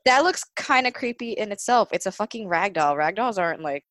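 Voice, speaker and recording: A woman's voice: medium pitch, expressive, fairly quick, a bit bright, no echo, studio quality. A woman co-hosting a podcast, reacting to stories with jokes and swearing. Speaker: podcast co-host. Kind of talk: casual chat.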